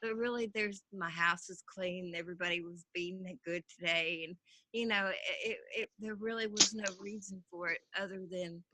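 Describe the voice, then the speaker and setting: A woman on a casual group call, speaking hesitantly with halting restarts. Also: fairly low pitch, steady tone, pushed and bright, dry recording, poor audio.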